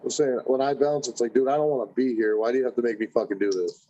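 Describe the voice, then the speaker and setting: A man's voice: medium pitch, steady tone, fast, a loud crowd. A man laughing and swearing in casual podcast banter. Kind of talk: casual chat. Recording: dull lo-fi audio.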